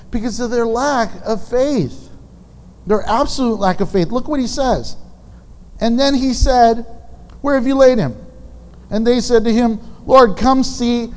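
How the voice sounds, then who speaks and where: A man's voice: high voice, a little mellow. A man preaching a sermon in a candid, conversational way, with frank asides to the congregation. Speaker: pastor. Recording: long reverb of a large hall.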